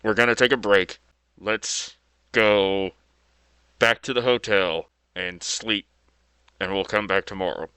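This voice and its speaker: A man voicing a stern grown male vigilante who gives flat instructions. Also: on the low side, slow pace, pauses often, clear, resonant tone, dry recording. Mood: instructing.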